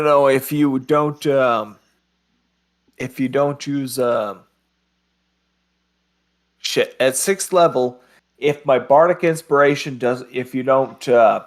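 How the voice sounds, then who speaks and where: Slow, halting man explaining a rule. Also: medium pitch. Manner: halting, loses his thread with many ums. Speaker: player. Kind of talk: playing a tabletop game.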